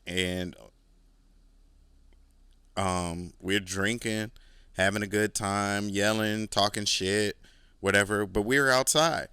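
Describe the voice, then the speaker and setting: A man's voice: on the low side, fairly even intonation, slow pace, long pauses, sharp tone, clean tone, no room sound. A man hosting his own podcast, telling a long story in a rambling, profane way with lots of "like" fillers and boastful asides. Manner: rambling and profane, heavy use of "like"; laid-back, boastful asides. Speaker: podcast host. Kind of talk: casual storytelling monologue.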